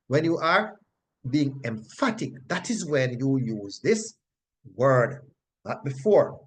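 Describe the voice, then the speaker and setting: A man's voice: a little high, sing-song, unhurried. A man teaching a Bible study, emphatic and repetitive, checking in with "right?" and chuckling as he explains. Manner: chuckles often while explaining.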